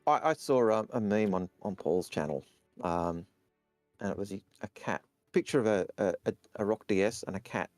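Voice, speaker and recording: A man's voice: on the low side, normal speed, a little mellow, dry recording, faint music behind. A man co-hosting a casual Q&A, reading out viewer questions and chatting, often repeating words as he starts his sentences. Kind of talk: casual Q&A chat.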